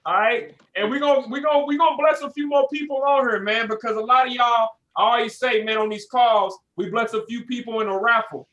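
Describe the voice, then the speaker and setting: Casting note: male host of an online group call, hyped and slangy, very high, bright voice. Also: steady tone, fairly quick, few pauses, highs cut off. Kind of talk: casual hosting on a group call.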